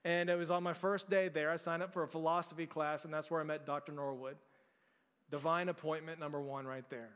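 A man's voice: fairly high pitch, flat delivery, fairly quick, fairly bright tone, clear, resonant tone, big-room sound. A man in his forties from Texas, preaching a sermon as pastor in a conversational storytelling way, often restarting his sentences.

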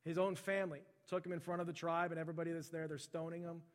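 A man's voice: a little high, level tone, racing, in a large hall. A man preaching a sermon, talking conversationally and slipping into the voices of the people in his stories. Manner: conversational, relives stories by voicing the people in them. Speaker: pastor. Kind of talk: sermon storytelling.

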